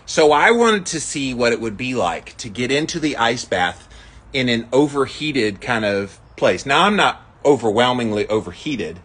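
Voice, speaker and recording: Breathless husky man chatting outdoors. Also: mid-range voice, big pitch swings, normal speed, a bit bright. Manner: upbeat, talks straight to viewers. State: a little out of breath. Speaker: vlogger. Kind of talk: casual live-stream chat. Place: backyard outdoors.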